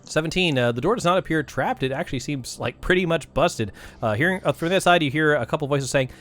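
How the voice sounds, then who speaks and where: A game master running a tabletop game, chatty and quick to laugh. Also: medium pitch, a bit bright, faint music behind.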